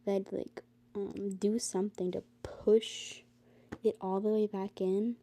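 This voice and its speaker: A woman's voice: medium pitch, level tone, unhurried, dark tone. A teenage girl talking to her phone, tired and rambling with lots of fillers, sometimes ranting in exasperation. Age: teens. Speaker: vlogger. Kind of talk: casual talk to camera.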